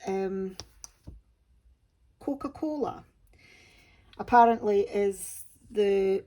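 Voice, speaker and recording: A Scottish woman talks to camera at an unhurried pace, in a relaxed, homely way. Her voice is soft and mellow, with dry, self-deprecating humour running through her easygoing chat. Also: medium pitch. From Scotland. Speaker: crafting channel host.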